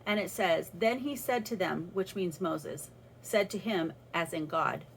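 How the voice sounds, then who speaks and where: A woman's voice: fairly low pitch, unhurried, gravelly, slight background noise, poor audio. A woman talking through a personal faith reflection in a casual, earnest way, with restarts as she thinks aloud. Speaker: vlogger sharing a faith reflection.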